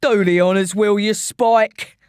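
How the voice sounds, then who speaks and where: A woman voicing a menacing male gangster with a London accent, taunting in a slow, mocking drawl. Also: medium pitch, fairly even intonation, a little mellow, clean tone, dry recording, studio quality, lightly acted.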